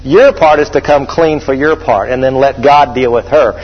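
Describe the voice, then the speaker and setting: A husky middle-aged man preaches to his congregation, driving his points home and calling for the crowd to answer back. His voice rings through a church hall with long reverb, captured on a dull, muffled recording. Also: medium pitch, moderate pace. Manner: preachy, emphatic, calls out to the congregation. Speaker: pastor. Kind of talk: sermon.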